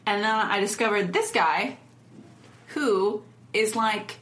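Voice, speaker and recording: A woman's voice: medium pitch, takes it slowly, fairly bright tone. A young woman co-hosting a casual chat podcast, telling a rambling story with lots of giggles and "like"s. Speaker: podcast co-host. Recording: echoey room with faint noise.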